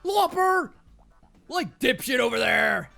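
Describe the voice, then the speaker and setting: A man with an American accent voicing a harsh, bullying male military drill instructor who yells insults. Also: very high-pitched, big pitch swings, takes it slowly, creaky, soft background music, pitched above the performer's own voice, heavily acted. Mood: sneering. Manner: yelling, insulting, barking questions.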